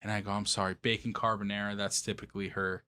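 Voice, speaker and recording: A man's voice: fairly low pitch, very fast, clear, resonant tone. A young man co-hosting a comedy podcast, telling stories with lots of swearing and acted-out quotes. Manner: animated storytelling, swears often, acts out quotes. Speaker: podcast co-host. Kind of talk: casual comedic podcast banter.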